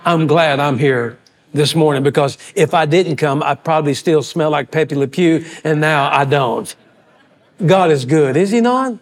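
A man preaching a sermon as pastor, telling folksy, animated stories and acting out the voices of people in them. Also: a little high, unhurried. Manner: folksy, animated storyteller who acts out quoted voices. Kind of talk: storytelling sermon.

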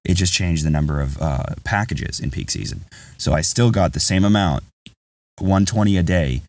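Deep-voiced man telling a story off-mic. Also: moderate pace, darkish tone, no echo, recorded from a distance. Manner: rambling, candid, says "bro" a lot. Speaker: podcast host. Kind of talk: casual podcast storytelling.

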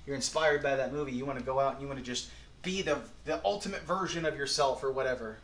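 A man's voice: mid-range voice, fast. Folksy, earnest man preaching in an echoey hall. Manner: earnest, folksy, swings between quiet and emphatic. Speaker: pastor. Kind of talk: sermon.

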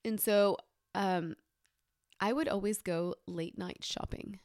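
A woman's voice: medium pitch, fairly even intonation, takes it slowly, darkish tone, no echo, clean studio sound. A woman in casual chat, chatty and asking follow-up questions, then telling her own story. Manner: chatty, laughs along, asks questions.

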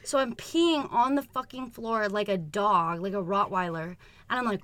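A woman's voice: medium pitch, moderate pace, fairly bright tone. A young adult woman co-hosting a podcast, telling a rambling, frank and profane story in casual chat and laughing often as she goes. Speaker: podcast co-host.

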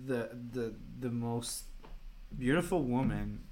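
A blunt podcast co-host who swears a lot and talks in an animated way during a casual chat. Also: medium pitch, slow pace, slight background noise.

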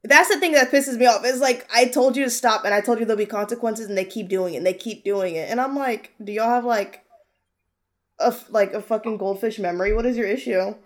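A woman chatting casually over a video call, an animated storyteller who swears freely and mimics kids. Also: a little high, a little fast. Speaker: podcast co-host. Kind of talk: casual chat.

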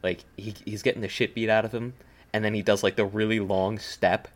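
Deep-voiced man rambling in casual chat. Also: brisk. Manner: rambling, full of "like" and restarts, animated. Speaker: podcast co-host. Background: desk smacking.

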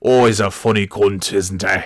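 A man doing a jolly old uncle, slow and chuckly, low voice, swears like it's a term of endearment, dead dry sound. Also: steady tone, no echo, lightly acted. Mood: jovial. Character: jovial Scottish uncle, older man.

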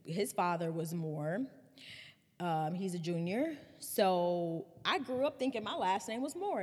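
Candid woman podcaster, reverby room. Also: lowish voice. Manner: candid, animated retelling with laughs and swearing. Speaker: podcast host. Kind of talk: personal storytelling podcast.

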